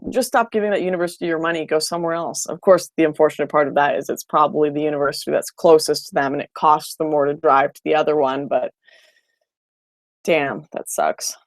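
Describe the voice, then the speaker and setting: A woman chats casually on a livestream, reacting to viewer comments with blunt, opinionated remarks. Her voice sits on the lower side for a woman and sounds dry and close, with no room echo. She often restarts her sentences as she talks. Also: steady tone, fairly quick. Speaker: livestream host.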